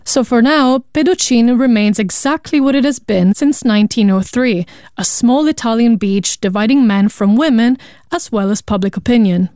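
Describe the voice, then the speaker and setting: A female reporter narrating a scripted radio news package. She reads in a clear, even voice that sits a little high. The recording is dry and close. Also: normal speed, no echo.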